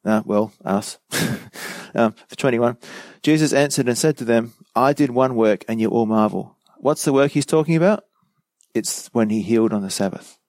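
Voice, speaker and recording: A man's voice: mid-range voice, moderate pace, a little mellow, no room sound. A man teaching verse by verse through a Bible passage, reading each verse aloud and then explaining it in conversational asides and questions to the listener. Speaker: pastor teaching a Bible study.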